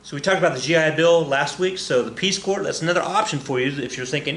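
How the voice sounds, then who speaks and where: A man's voice: fairly high pitch, lively intonation, brisk, few pauses, fairly bright tone, reverberant, a little hiss or hum. A man in his fifties teaching a casual history lesson, chatty and joking, with frequent self-corrections.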